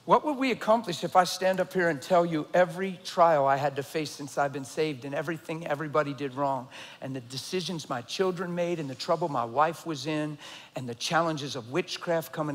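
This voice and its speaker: Middle-aged man preaching, fairly high voice, loud then hushed, long reverb of a big hall. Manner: swings from loud emphasis to low intense near-whisper. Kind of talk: sermon.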